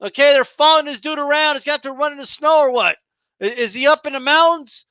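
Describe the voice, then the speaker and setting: A man hosting a casual boxing talk show, joking and animated, full of slang. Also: very high-pitched, quick pace, dry recording. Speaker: boxing channel host. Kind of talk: casual chat.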